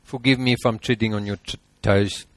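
A man's voice: on the low side, fairly even intonation, brisk, no echo. A man preaching a sermon, emphatic and exhorting, piling up lists.

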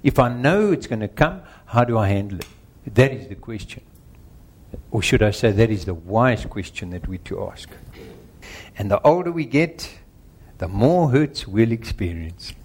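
A man's voice: fairly low pitch, animated, normal speed, a little mellow, breathy edge. A middle-aged man preaching a sermon, earnest and emphatic, working through numbered points and speaking directly to the congregation. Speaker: pastor.

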